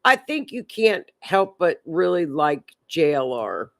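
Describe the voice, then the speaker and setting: Slow, chatty woman streaming live. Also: low-pitched, very animated, vocal fry, a bit bright. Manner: chatty, rambling, repeats words. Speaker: livestream host. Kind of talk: live-stream chat, reading viewer comments.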